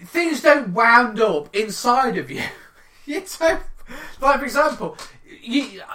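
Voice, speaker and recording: A man co-hosting a podcast, rambling and animated, laughing and swearing as he reads stories. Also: extremely high pitch, slow pace, a little hiss or hum. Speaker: podcast co-host reading news stories. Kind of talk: casual podcast banter.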